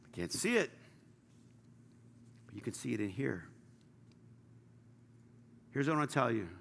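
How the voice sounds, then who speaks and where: A man preaching a sermon as pastor, passionate, swinging from loud urging to hushed near-whispers. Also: medium pitch, big pitch swings, unhurried, vocal fry. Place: large church hall. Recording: reverberant church hall with faint ambience.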